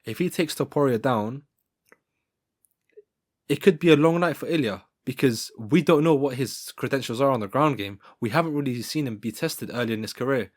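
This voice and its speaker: A man hosting his own fight-sports video, giving casual fan commentary in an excitable, rambling way full of restarts. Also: mid-range voice. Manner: excitable and rambling, with many restarts and repeated "guys". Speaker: MMA video host.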